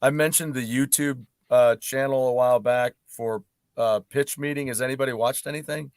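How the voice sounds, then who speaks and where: A man's voice: medium pitch, fairly even intonation, moderate pace, clean tone, dry recording. Eager middle-aged man in a dry booth. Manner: enthusiastic, pushes recommendations. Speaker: podcast co-host. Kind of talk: casual chat.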